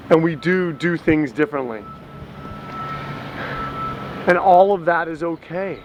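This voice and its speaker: A man's voice: fairly high pitch, poor audio. An actor playing a dumped young man who rambles and pleads in a video message to his ex, outdoors near traffic. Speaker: lead character in a short comedy film. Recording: street noise with passing vehicles.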